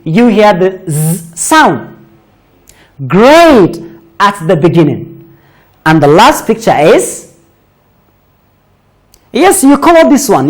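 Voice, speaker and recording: A woman teaching a children's phonics lesson, sounding out words deliberately and praising pupils often. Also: mid-range voice.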